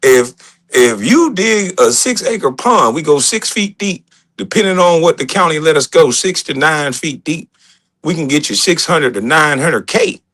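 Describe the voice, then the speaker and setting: An upbeat contractor , voiced by a man, pitches a dirt-selling deal in friendly salesman patter. The voice sits a little higher than normal and swings up and down eagerly. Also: expressive, unhurried, fairly bright tone. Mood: persuasive. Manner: persuasive, chummy salesman patter.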